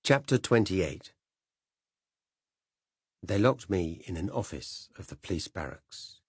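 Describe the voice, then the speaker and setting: A man narrating an audiobook in a measured, dramatic first-person telling. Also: low voice, lively intonation, a little mellow, husky, no room sound, clean studio sound.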